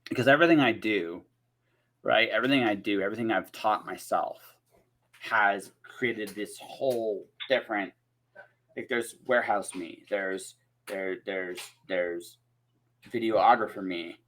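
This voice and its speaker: Bright-voiced man hosting a chat. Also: fairly low pitch, unhurried. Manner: rambling, many restarts and "right?" tags. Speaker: podcast host. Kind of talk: casual interview chat.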